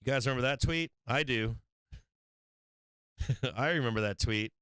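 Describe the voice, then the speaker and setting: Speaking at a moderate pace in a mid-range, fairly bright and smooth voice, a man hosts a livestream market show. His trading talk is casual, brash, profane and rambling, and he laughs often. The recording is dry, made on a studio microphone.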